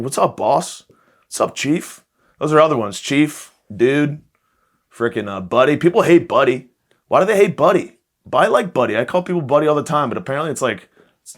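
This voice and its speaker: A man hosting a podcast, riffing in a crude, rambling comic monologue. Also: medium pitch. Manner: crude, rambling, jokey, drops into quoted voices. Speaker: podcast host. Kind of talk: casual comedic monologue.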